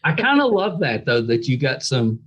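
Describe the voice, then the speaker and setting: A man hosting a podcast interview, friendly and quick to laugh, nodding along with short replies. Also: medium pitch, very animated, fairly bright tone, lo-fi sound. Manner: friendly, laughs often, fills with yeah. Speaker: podcast host. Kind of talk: casual interview chat.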